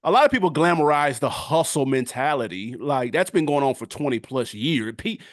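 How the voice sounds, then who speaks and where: A middle-aged man co-hosting a podcast, talking in casual, animated chat full of street slang and quick laughs. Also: mid-range voice, no room sound, studio quality. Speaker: podcast co-host.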